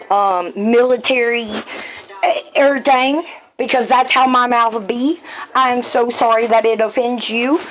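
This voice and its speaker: A woman's voice: on the high side, a little hiss or hum. A woman live streaming, chatting casually with viewers in a blunt, profane, rambling way full of fillers.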